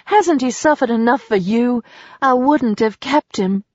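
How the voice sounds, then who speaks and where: A woman's voice: a little high, a little slow, a little mellow, no room sound. A woman voicing a heartbroken young woman who pleads tearfully for her lost lover, in a storybook reading. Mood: desperate. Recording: slightly dull dry recording.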